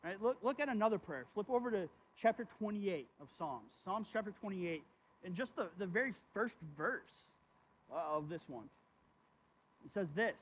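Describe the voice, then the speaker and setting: A man with a notably high speaking voice delivers a sermon. His tone is conversational, he keeps checking in with "right?", and he reads the verses with real feeling. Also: animated, normal speed, slight background noise. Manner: reads scripture aloud with feeling. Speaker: pastor.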